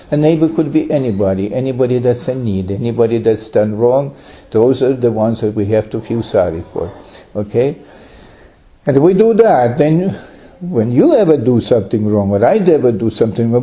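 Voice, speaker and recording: A man's voice: medium pitch, mellow. A man preaching an Orthodox sermon with earnest, pleading emphasis that swells on key phrases. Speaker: Orthodox priest. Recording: dull lo-fi recording.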